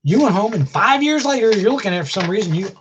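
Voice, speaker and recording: A blunt man with a chest cold, lecturing his viewers in a casual live stream rant, swearing freely as he goes. His voice sits a little high for a man. The stream audio is dull and lo-fi, with faint noise underneath. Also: expressive, fast talker. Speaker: vlogger.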